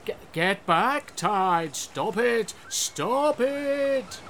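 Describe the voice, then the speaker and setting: A pompous medieval king bellows commands at the incoming tide, his voice pitched high and full of bluster. His orders grow more desperate with each line, as a man acts him out. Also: animated, drawn-out words, a bit bright, a little hiss or hum, full character voice. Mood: commanding.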